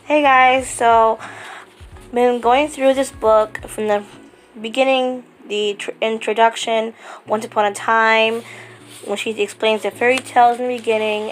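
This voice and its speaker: A woman vlogging casually, gushing and excitable, with lots of fillers. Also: on the high side. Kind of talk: casual book vlog.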